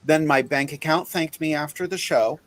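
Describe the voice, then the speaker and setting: A man's voice: a little high, moderate pace. Chatty male podcast host. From Pennsylvania. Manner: chatty, animated storytelling with laughs. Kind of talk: casual chat. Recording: faint background noise.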